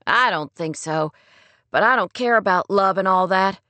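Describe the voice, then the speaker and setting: A woman voicing an excitable, cheeky teenage boy, speaking high and eager. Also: moderate pace, no echo, natural voice. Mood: excited.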